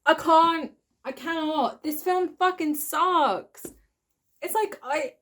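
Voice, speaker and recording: A woman's voice: high-pitched, slow pace, a bit bright. A woman hosting a reaction video, mocking a film with sarcastic, exasperated commentary and frequent swearing.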